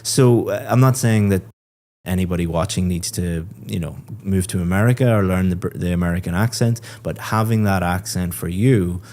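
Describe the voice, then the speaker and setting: A man's voice: low voice, moderate pace, a little mellow. An Irish man, an English teacher, giving encouraging feedback on a speaking test and explaining things patiently. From Ireland. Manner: encouraging, explanatory, laughs often.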